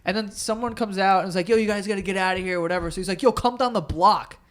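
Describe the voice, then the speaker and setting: A young man with a high voice chats on a podcast. He tells stories with lots of energy and acts out what each person said. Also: racing, smooth. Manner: animated storyteller, acts out quotes. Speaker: podcast host. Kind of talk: casual chat.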